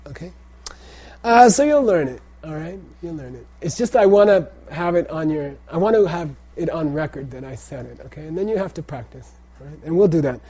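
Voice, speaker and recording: A man's voice: fairly high pitch, dark tone. A middle-aged man lecturing a class on Tibetan pronunciation and texts, who keeps checking in with the students. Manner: repeats phrases and checks in with "okay?". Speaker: teacher of Tibetan language and Buddhist texts.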